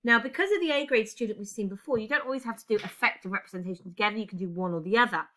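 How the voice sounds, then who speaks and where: Woman teacher going through an essay answer out loud, bright clear voice, keys clacking as she types. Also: mid-range voice, very fast. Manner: talks while typing, thinking aloud. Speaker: English teacher. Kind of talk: recorded exam-writing lesson.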